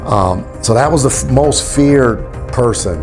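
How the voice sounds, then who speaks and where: A middle-aged man from Michigan telling his own life story in a casual, animated way, full of fillers and acted-out quotes. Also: mid-range voice, measured pace, over music. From Battle Creek, Michigan, US. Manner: animated, acts out quoted voices, frequent fillers. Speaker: storyteller in a docu-series.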